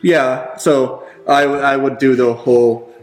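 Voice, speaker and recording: A man's voice: medium pitch, steady tone, takes it slowly, roomy sound, soft background music, rough recording. A man playing a tabletop game, speaking casually and hesitantly with some restarts. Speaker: player.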